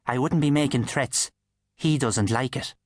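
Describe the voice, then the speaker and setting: A man's voice: medium pitch, measured pace, dry recording, close to an everyday voice. A man with an Irish accent voicing a tough, teasing little country girl in an audiobook. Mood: sly. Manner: teasing, scornful.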